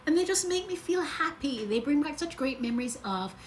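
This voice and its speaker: A woman's voice: high voice, lively intonation, a little fast, slight background noise. A woman chatting on a casual livestream, gushing and rambling, laughing often and sounding close to tears. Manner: rambling, loses her train of thought. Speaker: travel vlogger.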